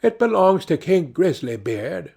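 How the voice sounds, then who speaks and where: A man's voice: fairly high pitch, sing-song, a little slow, vocal fry, a little mellow, slightly rough, pitched above the performer's own voice, exaggerated voice. A man voicing a blunt, plain-spoken travelling fiddler in an audiobook fairy tale.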